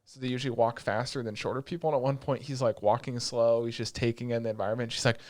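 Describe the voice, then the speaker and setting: A young man co-hosting a podcast, recapping an anime in casual chat, animated, swearing freely and breaking into quick asides. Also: medium pitch. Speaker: podcast co-host.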